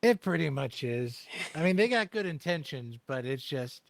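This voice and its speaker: A man with a slightly high voice speaks in a group roleplay. He is easygoing and amused. His sound is dry, with no room echo. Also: expressive, moderate pace, gravelly. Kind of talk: in-character roleplay.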